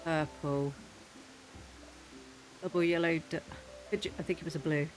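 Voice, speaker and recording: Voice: medium pitch, steady tone, moderate pace, over music. A gaming host giving casual gameplay commentary, chatting away, talking to the game's animals and breaking into mock-furious rants.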